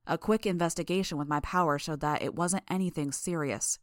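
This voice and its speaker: A woman reading a first-person audiobook narration in a steady, measured way. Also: low-pitched, no echo, clean studio sound.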